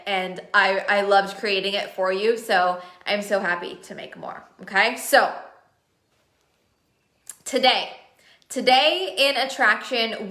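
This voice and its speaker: A woman's voice: mid-range voice, pushed and bright. A woman business coach talking live to viewers, eager and repeating words for emphasis while asking them questions. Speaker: business coach running masterminds. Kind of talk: live-stream coaching talk. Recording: roomy echo.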